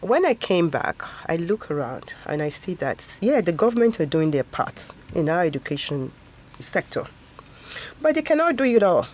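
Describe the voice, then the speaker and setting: A woman's voice: on the low side, very animated, moderate pace, darkish tone. Earnest laughing woman in her fifties. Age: 50s. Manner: earnest, laughs often between points. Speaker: interview guest, education NGO founder. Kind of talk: casual interview talk.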